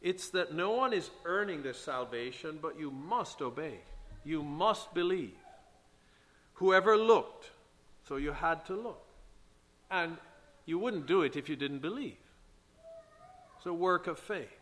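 Forceful preacher man in an echoing hall. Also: fairly high pitch, lively intonation, a little slow, pauses often. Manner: emphatic preaching with King James scripture reading. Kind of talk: sermon. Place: church sanctuary. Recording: long church hall reverb.

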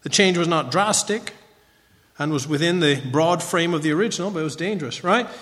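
A man's voice: a little high, brisk, a bit bright, in a large hall. A man giving a conversational Bible teaching lecture, often checking in with a rhetorical "right?".

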